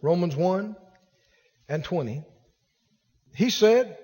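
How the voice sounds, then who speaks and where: A man's voice: high-pitched, big pitch swings, moderate pace. A man preaching a sermon, pressing his points with emphatic repetition and speaking directly to the congregation. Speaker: pastor. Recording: long hall reverb.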